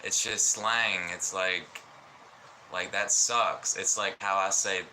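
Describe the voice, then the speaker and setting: Homem lento e tranquilo do Alabama, sotaque sulista. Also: male voice, deep voice, steady tone, pushed and bright, a little hiss or hum, rough recording. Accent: Southern US. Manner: slow, rambling, lots of fillers. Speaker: livestreamer. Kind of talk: casual rambling livestream chat.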